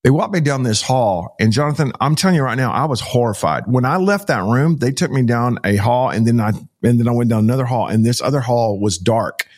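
Middle-aged male pastor, vivid storyteller, acts out the exchanges, mid-pitched voice. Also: brisk, hardly any pauses. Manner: animated storytelling, acting out dialogue with many "like" fillers. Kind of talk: personal story told in an interview.

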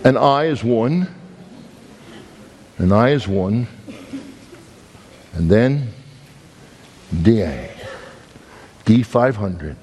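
Emphatic Brooklyn preacher in a reverberant hall. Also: male voice, animated, drawn-out words, pauses often, dark tone. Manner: storytelling, dramatic swings in pitch, emphatic. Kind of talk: sermon.

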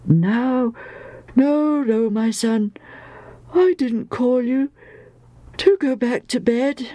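A woman voicing a gentle, fatherly old priest in a Bible storybook, with soft and kindly reassurance. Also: on the high side, drawn-out words, no room sound, voice pushed up.

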